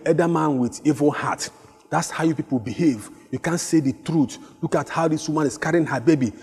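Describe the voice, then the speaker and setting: A male pastor preaching a sermon, asking repeated rhetorical questions and climbing to shouts as he tells a story. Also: medium pitch, breathy edge. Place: church hall. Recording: long hall reverb with faint music.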